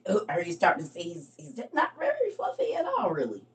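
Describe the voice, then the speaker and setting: A woman's voice: mid-range voice, wildly swooping pitch, fairly quick. A middle-aged woman hosting a casual Bible study livestream, chatty and teasing, laughing often. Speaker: livestream host. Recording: voice from a distance from the mic.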